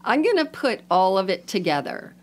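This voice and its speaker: A woman's voice: medium pitch, sing-song, normal speed. A woman co-hosting a podcast, chatting casually in a playful, jokey way and laughing often. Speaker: podcast co-host. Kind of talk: casual chat.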